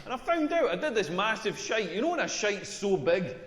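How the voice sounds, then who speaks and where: A crude Scottish stand-up comic. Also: male voice, high voice, very animated, fairly quick, a bit bright. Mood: deadpan. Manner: crude, rambling, self-mocking. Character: tall crude Scottish male stand-up comedian. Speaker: stand-up comedian. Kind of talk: stand-up comedy routine. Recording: echoey hall with long reverb.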